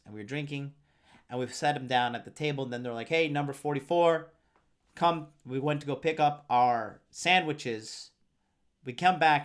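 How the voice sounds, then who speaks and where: Young man, dating coach host, casual profane storytelling, rambling with fillers, mid-range voice. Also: medium pitch. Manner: reads out viewer comments.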